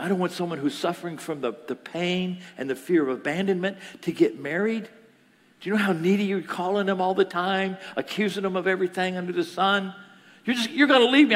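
A man preaching a sermon as pastor, animated, swinging between loud lines and whispers. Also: on the high side. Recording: echoey hall.

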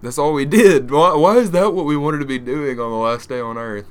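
A man's voice: on the high side, brisk, smooth. A man casually telling a crude prank story to a friend, slipping into put-on voices.

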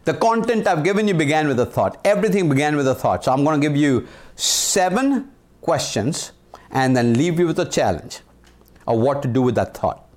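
A man in his sixties from India, with an Indian accent, giving a motivational leadership talk in an emphatic way, repeating key phrases and slowing down for the punch lines. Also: on the high side, expressive, a little mellow. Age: 60s. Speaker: leadership speaker.

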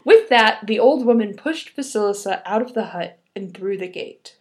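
A woman's voice: mid-range voice, animated, normal speed. A young woman reading a fairy tale aloud, breaking off for playful, giggly asides. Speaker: podcast host. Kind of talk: storytelling with casual commentary.

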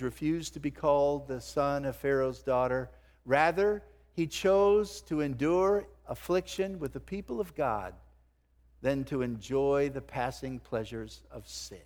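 Male pastor preaching, voice jumping all over, big church echo. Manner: animated preaching, swinging from loud emphasis to hushed lows. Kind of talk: sermon. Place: church sanctuary. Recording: long hall reverb.

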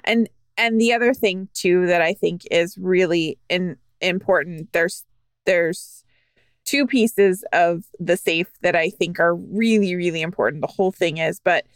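Podcast lady, kinda low voice, thinks out loud, dry close mic. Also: measured pace, smooth, no echo. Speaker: podcast co-host. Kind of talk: casual podcast discussion.

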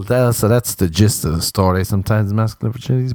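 A rambling man talks on his own in a loose, jokey monologue, dropping self-mocking asides as he goes. His voice sits low, and the sound is close and dry, with no room around it. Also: quick pace, hardly any pauses, dark tone, no echo. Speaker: comedian and author.

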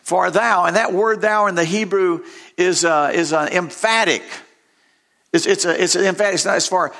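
A man's voice: high-pitched, normal speed, fairly bright tone. An older man preaching a sermon, reading scripture aloud and pressing his points by repeating words with rising emphasis. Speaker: pastor.

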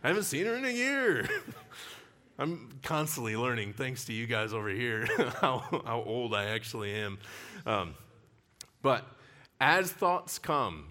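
A male pastor preaching a sermon with personal stories, telling them in an animated way and laughing often. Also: mid-range voice, slow. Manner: animated storyteller who laughs often while talking.

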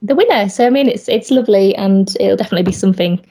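A woman's voice: medium pitch, quick pace, husky. Yorkshire lady chatting on a podcast, friendly and modest, kinda laid back. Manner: modest, friendly, with soft laughs. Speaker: podcast guest. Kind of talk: casual interview chat.

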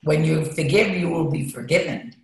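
A woman being interviewed speaks in a slightly low, earnest voice, confessional and emphatic, pressing hard on what matters to her. She is recorded in a treatment center, and a heavy room echo hangs on every word. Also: normal speed, creaky. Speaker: interview guest. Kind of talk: candid interview talk. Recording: very echoey room.

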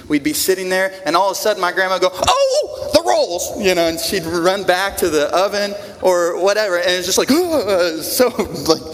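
Male pastor, slightly high voice, conversational sermon with questions to the room, big reverberant hall. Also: a bit bright. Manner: conversational, repeats words, asks the congregation questions. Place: church in front of a congregation. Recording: long reverb of a large room.

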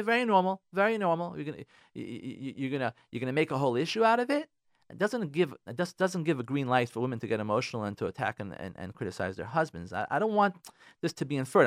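A man a high, lively voice gives advice on air, repeating his points to hammer them home. The studio sound is dry and close. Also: no room sound. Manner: emphatic, repeats phrases for stress. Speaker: radio relationship advice host. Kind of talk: advice talk to listeners.

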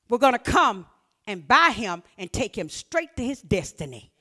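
High, lively preaching woman. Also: normal speed. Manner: fervent, repetitive, shouting preaching. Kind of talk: sermon.

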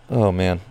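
A man reacting live to a baseball game as a nervous fan, cursing, groaning and pleading with the pitcher. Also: warm tone, no echo. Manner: anxious, profane, swings from groans to outbursts.

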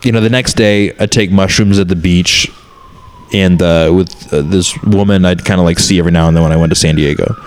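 A man's voice: low-pitched, fairly even intonation, brisk, clear, resonant tone. A man in his thirties, a comedian, talking candidly and rambling in a casual chat, swearing often.

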